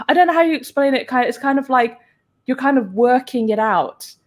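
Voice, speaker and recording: A woman's voice: sits high, animated, normal speed. A woman hosting a casual live-stream chat, talking freely, laughing often and acting out her own reactions in quoted asides. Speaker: host.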